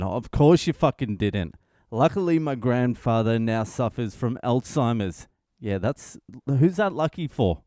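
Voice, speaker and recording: This man hosts a comedy podcast and tells stories in a profane, mocking way, laughing as he goes. His voice is warm, mellow and smooth. He sounds dry and close to the mic, with no room sound. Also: mid-range voice, no echo. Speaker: podcast host.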